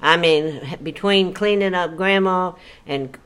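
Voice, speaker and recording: A woman's voice: lowish voice, slow, a bit bright, smooth. An older woman telling stories from her life in a chatty, folksy, exclamatory way. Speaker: storyteller guest. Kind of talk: casual storytelling.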